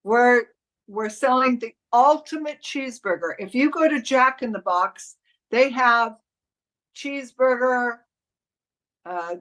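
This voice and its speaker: A woman with a fairly high, very bright voice teaches a live online class on reading commercial copy. She explains methodically, step by step, restarting her sentences as she goes. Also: low-quality recording. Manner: instructive, step-by-step, with frequent restarts. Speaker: modeling and commercial coach.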